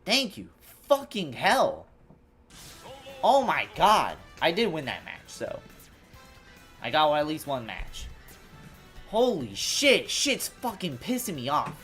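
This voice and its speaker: A woman's voice: sits low, wildly swooping pitch, takes it slowly, long pauses, fairly bright tone, soft background music. A woman streaming a game live, chatting with viewers and swearing angrily at her equipment. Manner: frustrated, swearing, talking to chat. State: angry. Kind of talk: casual live-stream chat.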